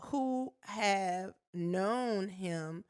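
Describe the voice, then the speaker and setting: Woman, mid-pitched voice, lively casual storytelling, podcast co-host. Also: drawn-out words, clean tone. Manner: animated storytelling, acts out her own reactions. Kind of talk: casual chat.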